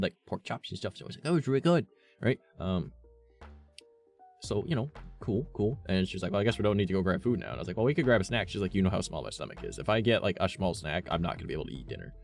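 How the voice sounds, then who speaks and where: A low, gravelly-voiced man rambles through a story on his livestream, swearing freely and swinging his pitch all over as he acts out what everyone said. He talks fast, and faint music plays behind him. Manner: rambling, profane, acts out quoted lines. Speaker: streamer. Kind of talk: casual chat, storytelling.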